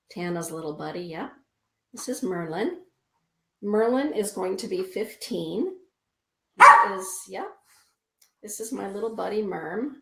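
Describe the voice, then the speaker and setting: A middle-aged woman hosting a spiritual live stream, reading viewer comments and oracle cards in a soothing, repetitive way. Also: medium pitch. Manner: soothing, repeats phrases, reads viewer comments aloud. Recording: echoey room.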